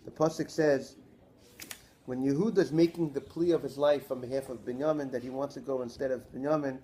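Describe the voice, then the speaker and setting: A man, a rabbi, giving a Torah class lecture in an animated way, posing rhetorical questions to his listeners. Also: mid-range voice, brisk, a little hiss or hum.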